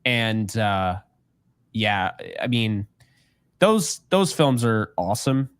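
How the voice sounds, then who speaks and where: A man's voice: on the low side, big pitch swings, slow, clean tone, dry recording, clean studio sound. A man co-hosting a casual podcast, joking and rambling, laughing often. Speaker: podcast co-host. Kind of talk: casual chat.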